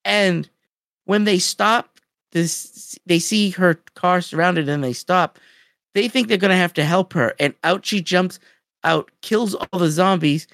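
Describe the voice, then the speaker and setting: A podcast co-host in casual chat, recapping a story in an animated way with lots of "like". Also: mid-range voice, a little slow, gravelly, no room sound, studio quality.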